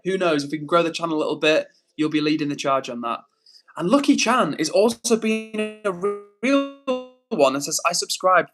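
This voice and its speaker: A man's voice: fairly high pitch, a bit bright. A young Englishman hosting a live stream, reading out viewer comments and greeting each person by name in a friendly, casual way. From England.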